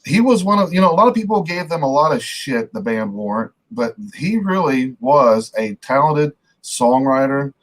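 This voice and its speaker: A man's voice: mid-range voice, big pitch swings, normal speed, few pauses. Middle-aged man, podcast host, casual rambling talk, mid-range voice. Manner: loose, rambling, swears casually. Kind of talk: casual chat.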